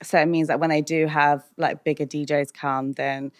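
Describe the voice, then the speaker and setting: Low-voiced British woman, chatty and candid. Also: little pitch movement, normal speed, no echo, studio quality. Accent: British English. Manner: chatty, lots of "like" and "um", laughs often. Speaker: DJ guest. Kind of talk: candid podcast interview.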